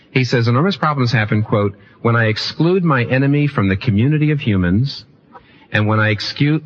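Male pastor, mid-pitched, animated sermon delivery with restarts; dull lo-fi recording. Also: breathy edge. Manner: animated, repeats phrases, restarts mid-sentence.

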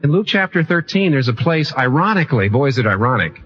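A man preaching a sermon with a lively pitch that swings widely, often repeating phrases and restarting mid-sentence. The recording is dull and lo-fi, with faint room ambience behind him. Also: fast talker, a little hiss or hum. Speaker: pastor.

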